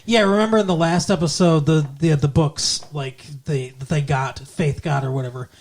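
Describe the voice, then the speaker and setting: A man with a slightly raised pitch, chatting casually as a podcast co-host. He rambles through his recap and loosely peppers it with swearing and filler words. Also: normal speed, darkish tone. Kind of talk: casual chat recapping a TV episode.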